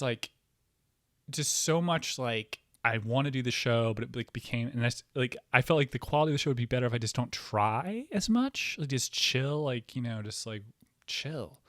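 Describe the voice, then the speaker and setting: A man hosting a casual podcast, rambling excitably with lots of fillers, restarts and swearing. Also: medium pitch, moderate pace, no room sound, studio quality. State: hyper, excitable. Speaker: podcast host.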